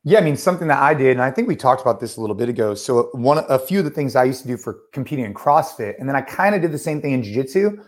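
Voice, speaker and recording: A man's voice: mid-range voice, rapid-fire, hardly any pauses. A man in his thirties co-hosting a podcast, telling a story casually with many fillers. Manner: animated storyteller, many fillers like "like" and "you know". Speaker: podcast co-host.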